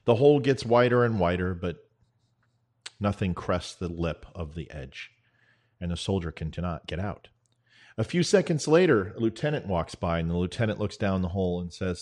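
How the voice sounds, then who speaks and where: A man hosting his own show, telling a spoken parable in an earnest, measured way with dramatic pauses. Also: low-pitched, lively intonation, darkish tone. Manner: veteran advocate. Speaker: show host. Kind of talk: spoken parable, storytelling monologue.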